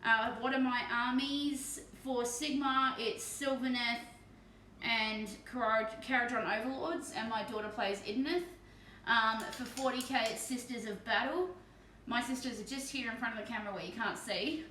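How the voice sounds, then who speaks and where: A woman's voice: fairly high pitch, moderate pace, pushed and bright, recorded from a distance, slight background noise. A woman from Perth with an Australian accent, chatting casually and swearing as she paints miniatures on a live stream. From Perth, Western Australia. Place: room at home. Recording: echoey room, voice off mic.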